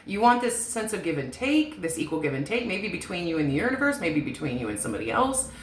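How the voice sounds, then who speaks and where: Tarot reader, woman, low voice, loose and chatty, echoey room. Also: big pitch swings, quick pace. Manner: chatty and emotional, swears, laughs often. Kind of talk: casual tarot reading. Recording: echoey room with faint noise.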